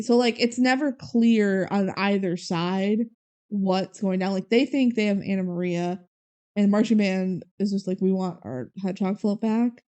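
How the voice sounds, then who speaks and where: A woman with a smooth, dark-toned, medium-pitched voice co-hosts a podcast. She casually recaps a movie, acting out the characters' lines in quick quoted voices and laughing as she retells scenes.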